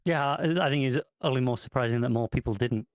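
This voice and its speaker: A man's voice: medium pitch, quick pace, no room sound, clean studio sound. A man co-hosting a casual TV review chat, chiming in with wry, teasing remarks. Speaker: TV review co-host.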